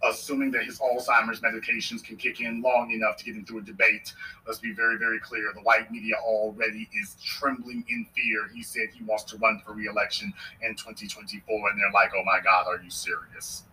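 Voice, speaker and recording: A man's voice: lowish voice, flat delivery, brisk, bright, forceful tone, far from the mic, a little hiss or hum, low-quality recording. A man hosting a podcast, giving a political commentary monologue emphatically and repeating his points for effect. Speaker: podcast host.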